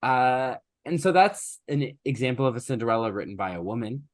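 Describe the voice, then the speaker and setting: A man's voice: medium pitch, animated, fairly quick, dry recording, clean studio sound. A man co-hosting a podcast, retelling an old story in a casual, chatty way with plenty of fillers and asides. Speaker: podcast co-host.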